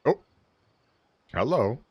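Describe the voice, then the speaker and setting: A man's voice: mid-range voice, sing-song, drawn-out words, husky, dry recording, dull audio. A man streaming a game, chatting casually and rambling with his viewers. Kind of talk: casual livestream chat.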